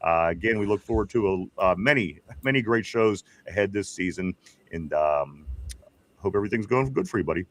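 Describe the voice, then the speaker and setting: A man's voice: on the low side, lively intonation, brisk, fairly bright tone. A man with a Pittsburgh accent hosting a live sports stream, reading viewer comments aloud in a rambling, casual way. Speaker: podcast host.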